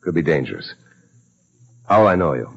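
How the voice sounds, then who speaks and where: An actor playing a suave, good-humored hero with a wry manner, in a 1950s radio drama. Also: male voice, very deep voice, very animated, fairly quick, heavily acted. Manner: smooth, wry. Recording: lo-fi old radio broadcast with faint noise.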